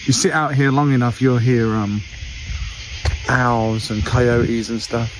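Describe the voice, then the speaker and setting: A man's voice: medium pitch, fairly even intonation, slow pace, over music. A man chatting casually to camera from his yard at night. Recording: distant mic with loud night insects.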